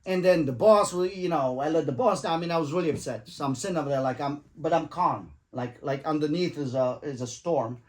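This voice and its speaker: A man's voice: fairly high pitch, brisk, hardly any pauses, darkish tone. A man, telling a long personal story in a loose, chatty way. He swears freely and acts out what each person said, laughing at his own jokes as he goes. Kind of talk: casual storytelling.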